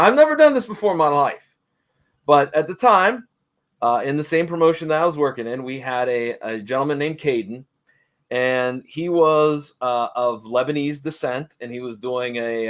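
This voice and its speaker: A middle-aged man sits in as an interview guest and tells an anecdote at an easy, conversational pace. His voice sits at an ordinary mid pitch, and he slips into the voices of the people in his story. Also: normal speed. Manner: animated storyteller, acts out quoted dialogue. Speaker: interview guest, wrestling manager. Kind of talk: casual anecdote telling.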